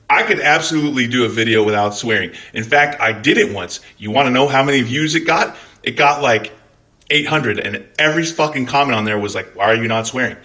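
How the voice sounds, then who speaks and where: A man's voice: mid-range voice, a little fast, bright, forceful tone. A Scottish man hosting his own channel, talking bluntly in an angry vlog rant full of swearing. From Scotland. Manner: blunt, heavy swearing, fired up. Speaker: channel host.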